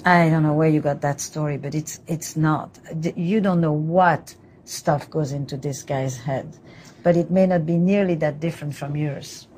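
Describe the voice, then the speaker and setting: A woman therapist guiding a couples session, calm and direct, moving between French and English. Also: deep voice, normal speed, a little hiss or hum.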